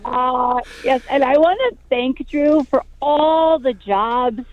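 High-voiced woman calling in, teasing. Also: animated, slow, highs cut off. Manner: playful, teasing, theatrical. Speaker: comedian and regular correspondent. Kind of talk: comic phone-in chat. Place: outdoors at a festival field.

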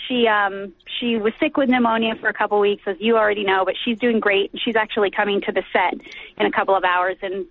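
A woman's voice: medium pitch, fairly even intonation, quick pace. A woman guest actress chatting casually in an interview, giggly and talkative. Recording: tinny phone line.

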